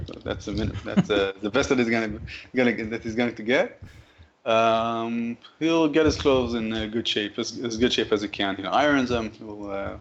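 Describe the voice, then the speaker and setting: A man's voice: lowish voice, dull audio. A man, a player in a tabletop game, describing his character in a rambling, self-correcting way. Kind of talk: casual game chat.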